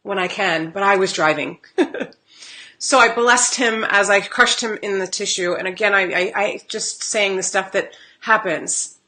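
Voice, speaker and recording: Female spiritual card reader, live-stream host; bright tone, casual and animated, laughs easily. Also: mid-range voice. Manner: chatty, animated storytelling with laughs. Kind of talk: live-stream chat with viewers.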